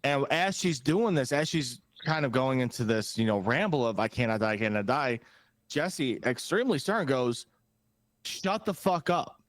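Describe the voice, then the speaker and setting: A man's voice: mid-range voice, expressive, normal speed, no echo. A man co-hosting a podcast, talking casually and emphatically, swearing and retelling scenes. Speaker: podcast co-host. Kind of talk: casual recap chat.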